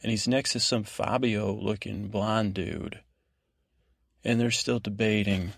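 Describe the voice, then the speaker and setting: A man hosting a podcast, giving a meandering bedtime recap that is full of halting restarts and fillers. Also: fairly low pitch, steady tone, vocal fry, slight background noise. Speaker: podcast host. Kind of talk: rambling bedtime recap monologue.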